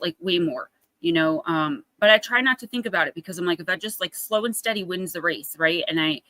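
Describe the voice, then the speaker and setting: A woman's voice: fairly low pitch, pushed and bright, dry recording. A woman in her thirties hosting a casual livestream, chatty and storytelling, acting out little quotes. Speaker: oracle card reader, livestream host.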